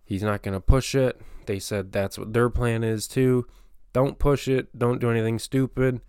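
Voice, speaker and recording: A man's voice: mid-range voice, steady tone, moderate pace, darkish tone, clean tone, no echo, studio quality. A man hosting a motocross channel, talking through a season preview in a casual, rambling way with plenty of fillers and restarts. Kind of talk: casual solo commentary.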